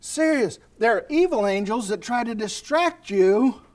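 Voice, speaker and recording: Male American preacher, high-pitched, folksy animated sermon with anecdotes. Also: a little slow. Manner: storytelling, animated, folksy asides. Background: congregation responding.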